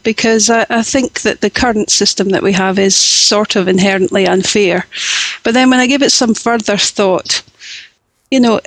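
A woman's voice: medium pitch, normal speed, fairly bright tone, no room sound, rough recording. Thoughtful hesitant woman, dry close sound. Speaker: panel guest. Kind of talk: casual panel chat.

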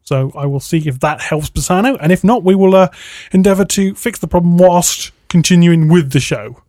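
A man's voice: sits high, normal speed, dark tone, no room sound, studio quality. A man co-hosting a live show, chatting casually and rambling, laughing easily. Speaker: podcast co-host. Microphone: studio mic at a mixing desk.

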